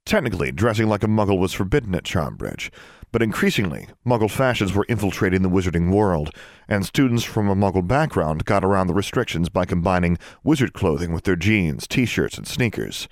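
A man with a very low voice reads a storybook aloud. His delivery is steady and measured, and the recording is close and dry, with no room sound. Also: gravelly, dry recording. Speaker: audiobook narrator. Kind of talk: scripted audiobook narration.

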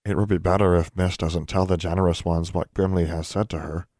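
A man's voice: low voice, fairly even intonation, brisk, no room sound, studio quality. A man whispering as a timid little elf servant. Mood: solemn. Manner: soft hushed third-person speech.

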